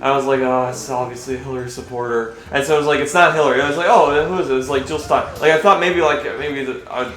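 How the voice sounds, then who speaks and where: A man's voice: mid-range voice, fast talker, hardly any pauses, a bit bright. A young man vlogging while playing a game, rambling and hesitant with many restarts, and swearing when he gets irritated. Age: young adult. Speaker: gaming vlogger. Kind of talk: rambling commentary over gameplay. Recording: roomy echo with faint game music.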